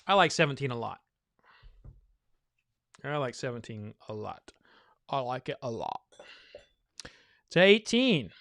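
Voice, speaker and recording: A man's voice: mid-range voice, big pitch swings, measured pace, vocal fry, long pauses, a bit bright, no room sound, clean studio sound. A man hosting a bourbon tasting, chatting loosely and thinking aloud with many fillers, a little winded from all the talking. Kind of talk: casual live tasting chat.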